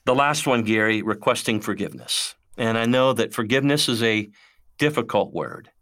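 Brief: male show host, lowish voice, steady, guiding questions. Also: normal speed. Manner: steady, leads the guest through a list and asks questions. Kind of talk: interview hosting.

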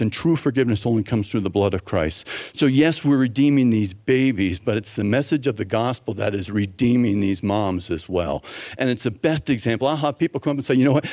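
A physician speaking at a church event tells a story to the audience, acting out the voices of the people in it. He has a mid-range, warm voice with lively intonation and a slightly fast pace.

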